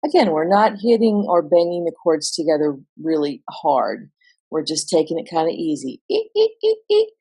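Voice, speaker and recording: A woman vocal coach explaining singing exercises in a relaxed, instructional way. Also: low-pitched, moderate pace, slightly rough. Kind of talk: instructional voice lesson.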